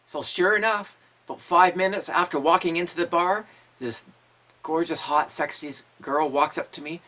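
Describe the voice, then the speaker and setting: Pitched on the high side, his voice comes out pushed and bright at a moderate pace. The speaker is a fifty-something Canadian musician running his own show, laughing a lot as he tells vulgar, profane stories in a casual monologue.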